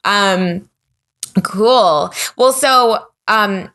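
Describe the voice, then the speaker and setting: A woman hosting a podcast, talking in a relaxed, reflective way with easy laughter. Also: mid-range voice, extremely slow. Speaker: podcast host. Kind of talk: casual interview chat.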